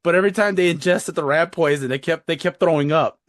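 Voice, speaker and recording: A man's voice: fairly high pitch, fairly quick, no room sound, studio quality. A man co-hosting a podcast in casual chat, rambling with frequent laughs and casual swearing. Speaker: podcast co-host.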